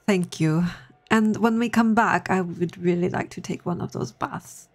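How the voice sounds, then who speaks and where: A woman at a tabletop game chats about her character's plans and laughs often. Her voice sits fairly low for a woman. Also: normal speed. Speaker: player. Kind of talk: tabletop role-play.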